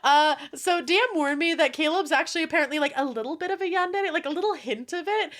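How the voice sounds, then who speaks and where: A young woman streaming and chatting casually with her viewers, animated and swearing often, with frequent laughter. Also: high voice, fast talker. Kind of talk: casual live-stream chat.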